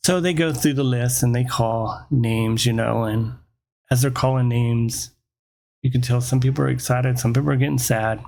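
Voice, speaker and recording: A man's voice: mid-range voice, steady tone, moderate pace, vocal fry, darkish tone. A man, hosting his own show and ranting through a rambling, profane comedic story. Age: 40s. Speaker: host.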